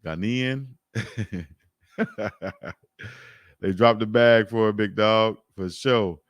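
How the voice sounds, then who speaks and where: A man's voice: on the low side, drawn-out words, clear, resonant tone, no room sound. A man from Alabama, casually talking sports on a livestream and reading out comments in a laid-back, joking way. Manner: laid-back, joking, chuckles often, repeats himself. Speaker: sports talk host.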